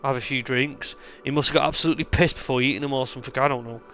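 Excitable man streaming a game. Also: mid-range voice, very fast, faint music behind. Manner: excitable, joking, swears a lot. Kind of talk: live gameplay commentary.

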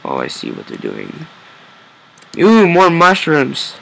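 Gravelly, lively young man narrating gameplay. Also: a little high, takes it slowly, rough recording. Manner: talks to himself, with frustrated outbursts. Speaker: gameplay video creator. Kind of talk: let's play commentary.

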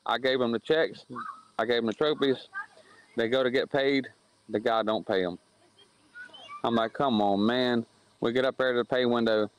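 A racing series promoter from the southern United States tells a heated racetrack story on a podcast, bluntly acting out the quoted arguments in casual chat. His medium-pitched voice stays steady at a moderate pace, with long pauses. The low-quality recording has slight background noise.

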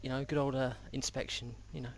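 A man talking in game voice chat, mumbling and mock-friendly in a deadpan way. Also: medium pitch, quick pace, slight background noise. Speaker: game player trolling others.

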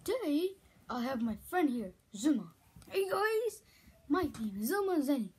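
A woman chatting playfully as toy characters, giggly and excitable with sudden shouts. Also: high-pitched, normal speed, slightly rough. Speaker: fan video host.

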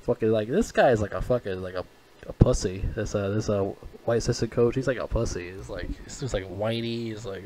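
A man's voice: on the low side, lively intonation, fairly quick, a little mellow, a little hiss or hum. A man giving a casual, rambling movie review, swearing often, mocking people and stumbling over his words. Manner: profane, rambling, mocking, frequent restarts.

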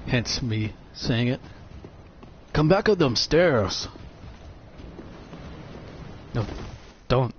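A man's voice: medium pitch, extremely slow, long pauses. Man trash-talking through gameplay. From United States. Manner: profane joking trash talk. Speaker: gaming YouTuber. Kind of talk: casual gameplay commentary. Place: home. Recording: dull lo-fi sound with steady noise.

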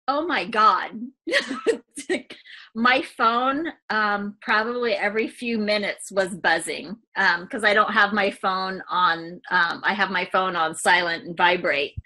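Bright-voiced woman, candid and rambling. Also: medium pitch, slow pace. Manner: candid, rambling, with many fillers. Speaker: real estate agent. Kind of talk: testimonial interview.

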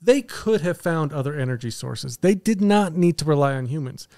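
Higher-voiced man, smooth and dry. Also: normal speed, no room sound. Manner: animated, speculative, poses questions. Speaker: podcast co-host. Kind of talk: casual movie review chat.

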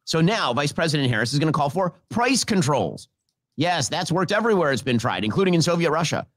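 A man's voice: fairly high pitch, very animated, fairly bright tone, no room sound. A man giving scornful, sarcastic political commentary in a played clip. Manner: sarcastic, rapid-fire, scornful.

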